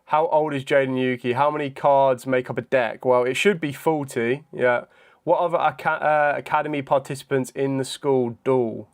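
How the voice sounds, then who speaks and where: A young man chatting casually on a live stream, thinking out loud in a hesitant way with frequent ums. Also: medium pitch, fairly even intonation, moderate pace. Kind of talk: casual live-stream chat during a trivia quiz.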